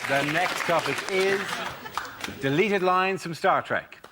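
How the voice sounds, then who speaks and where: High-voiced male panel show host. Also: slow pace, a loud crowd. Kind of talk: announcing topics and scores. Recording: loud studio audience and noise.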